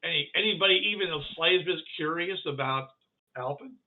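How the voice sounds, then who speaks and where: Male game master, halting delivery, slightly high voice, phone-quality audio. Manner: halting, full of restarts and fillers. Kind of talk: narrating a tabletop game. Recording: tinny phone-like line.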